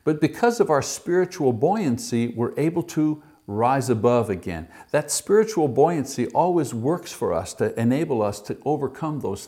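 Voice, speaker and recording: A man's voice: mid-range voice, gravelly, a little mellow. A man giving an earnest short sermon for an online video, stressing his points and letting his voice rise and fall. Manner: earnest, emphatic, rising and falling for effect. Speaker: preacher.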